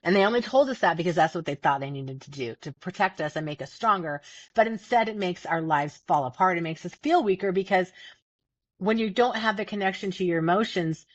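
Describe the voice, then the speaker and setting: A woman's voice: fairly low pitch, brisk, no room sound. Earnest woman host, dull dry sound. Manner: earnest, emphatic, repeats words. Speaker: podcast host. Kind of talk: casual self-help talk.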